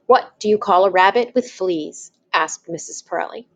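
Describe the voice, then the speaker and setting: A woman's voice: mid-range voice, normal speed, fairly bright tone. A woman teaching, talking patiently and spelling things out step by step. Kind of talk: slow, deliberate classroom explanation.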